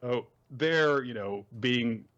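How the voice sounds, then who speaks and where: A man's voice: medium pitch, takes it slowly, a bit bright, highs cut off. A man hosting a podcast, giving a chatty, casual manga recap and acting out quotes as he goes. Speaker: podcast host.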